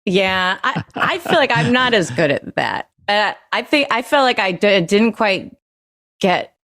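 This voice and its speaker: A woman's voice: medium pitch, sing-song, a little slow, a bit bright, no room sound. A woman guest on a casual podcast, chatty and rambling as she tells stories from home over a video call. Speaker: guest, former sketch comedy writer. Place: at home with her dog.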